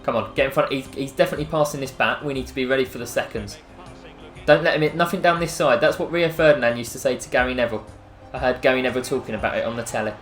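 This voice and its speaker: A man's voice: medium pitch, steady tone, rapid-fire, fairly bright tone. English man, gameplay commentary, chatty, self-mocking, echoey room, faint music. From England. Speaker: gaming YouTuber.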